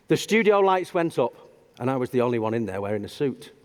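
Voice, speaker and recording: Animated man telling a funny story. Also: medium pitch, quick pace. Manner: animated, self-deprecating. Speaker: public speaker. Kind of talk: humorous storytelling talk. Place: large auditorium stage. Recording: long hall reverb.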